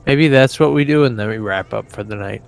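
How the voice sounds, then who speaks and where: A man's voice: mid-range voice, brisk, creaky, soft background music. A man playing a tabletop game, chatting in an easygoing, hesitant way. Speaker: player. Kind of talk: casual chat at a game table.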